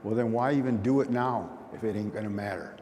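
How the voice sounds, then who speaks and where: A man's voice: fairly low pitch, brisk, a little mellow. Folksy man speaking in a reverberant hall. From Oneida community. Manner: storytelling, folksy, plain-spoken. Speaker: conference speaker. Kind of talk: conversational talk. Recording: long hall reverb, faint noise.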